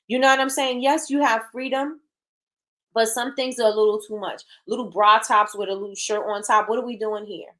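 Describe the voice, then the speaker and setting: A woman's voice: fairly high pitch, steady tone, brisk, bright, forceful tone. A woman hosting a casual talk show who gives frank opinions, reads out and answers viewer comments, and repeats her points for emphasis. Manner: frank and blunt. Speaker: host. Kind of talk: casual opinion talk, reading live chat.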